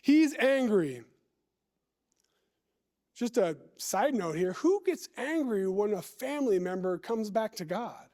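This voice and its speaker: Man, preacher, high voice, deliberate, stretched-out words, questions to listeners, church sermon. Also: lively intonation, warm tone. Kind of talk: sermon with scripture reading.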